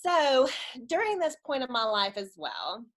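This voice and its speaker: A woman's voice: high voice, big pitch swings, measured pace. A woman, giving a chatty personal testimony at a church webinar and laughing often as she tells it.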